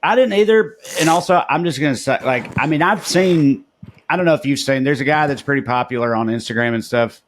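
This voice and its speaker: A man from Tennessee with a Southern accent, co-hosting a podcast in rambling, halting casual talk. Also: medium pitch, slight background noise. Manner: rambling, halting, restarts thoughts. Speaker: podcast co-host.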